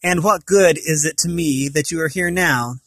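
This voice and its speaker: A man reading aloud from a storybook, voicing a rough, bitter middle-aged woman who scolds shrilly. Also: fairly high pitch, moderate pace, fairly bright tone, dry recording. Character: rough, bitter woman in her middle years, fiery and tearful.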